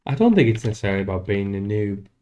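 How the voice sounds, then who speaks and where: A man streaming live while coding a game, thinking aloud in a halting, self-deprecating way. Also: lowish voice, big pitch swings, mellow.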